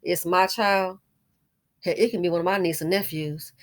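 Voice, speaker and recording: A woman's voice: on the low side, fairly even intonation, moderate pace. A middle-aged woman in casual commentary, indignant and emphatic, repeating her points and calling the listener honey.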